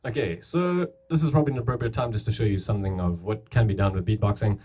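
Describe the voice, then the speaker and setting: Casual husky-voiced man teaching beatboxing. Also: on the low side, fast talker, few pauses. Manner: relaxed, chatty, loose explanations with restarts. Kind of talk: casual tutorial. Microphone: camera mic, filming himself.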